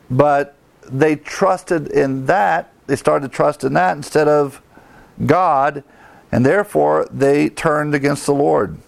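A man preaching a sermon, emphatic and rising in pitch, chuckling now and then as a pastor. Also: creaky.

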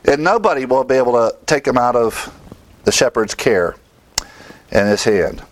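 A man giving an emphatic Bible teaching, his voice sitting in a middle pitch. He throws questions at the listeners and answers them himself, lifting his voice on the key words. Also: lively intonation, moderate pace, poor audio.

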